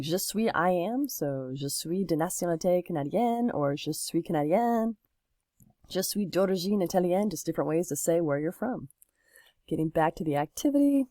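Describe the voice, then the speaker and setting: A woman's voice: lowish voice, dark tone, no room sound, studio quality. A woman teacher explaining French grammar step by step in a recorded lesson, patient and plain.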